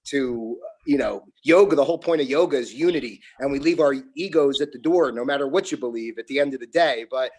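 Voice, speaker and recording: A guest on a casual video call, this New Jersey man from near Philadelphia speaks with an American accent in a medium-pitched, slightly mellow voice. A yoga teacher, he talks fairly quickly with few pauses, rambling, correcting himself, and chuckling.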